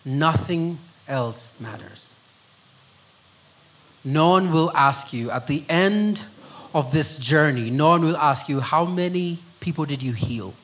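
A middle-aged Kenyan man preaches with earnest conviction in a slightly high voice. He often sinks into a hushed, soft tone to press his points home. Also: expressive, slow pace, poor audio. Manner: earnest, drops to a hushed voice on key phrases. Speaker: pastor. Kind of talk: sermon.

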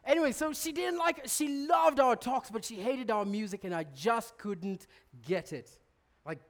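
A man giving a sermon, telling stories with lively restarts and laughter. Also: extremely high pitch, normal speed. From Kenya. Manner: animated storytelling, stammered restarts, bursts of laughter. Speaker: preacher.

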